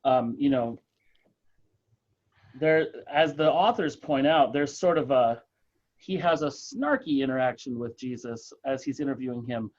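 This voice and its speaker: Halting, thoughtful man leading a discussion. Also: medium pitch, darkish tone, lo-fi sound. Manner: thoughtful, halting, with many fillers and restarts. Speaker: book group leader. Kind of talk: casual group discussion.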